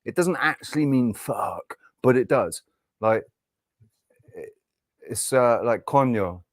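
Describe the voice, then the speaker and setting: A man's voice: medium pitch, lively intonation, slow, no room sound, studio quality. A man co-hosting a casual podcast, playful and teasing, swearing casually. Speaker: podcast co-host. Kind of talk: casual chat.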